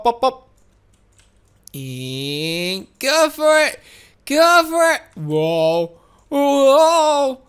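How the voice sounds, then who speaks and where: A woman giving excited let's-play commentary, giggly and excitable with frequent laughs and exclamations. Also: mid-range voice. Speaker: gameplay commentator.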